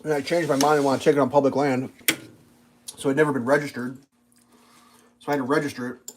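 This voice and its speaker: A man's voice: mid-range voice, flat delivery, fast talker, a little hiss or hum, rough recording. A young adult man chatting casually on a livestream, telling rambling, profane stories and acting out quoted voices. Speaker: livestream host. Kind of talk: casual live-stream chat.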